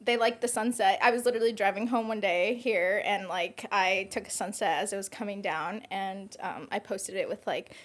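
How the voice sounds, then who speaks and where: A woman guest on a podcast, chatting casually in a soft voice and filling her speech with "like". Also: mid-range voice, fairly even intonation, normal speed, hardly any pauses. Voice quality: soft, gentle voice.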